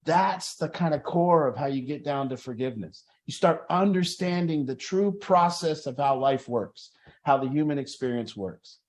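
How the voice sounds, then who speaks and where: A man's voice: on the high side, lively intonation, moderate pace. A man talking earnestly to a recovery group, acting out people's inner voices as he explains. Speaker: group facilitator. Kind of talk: motivational group talk.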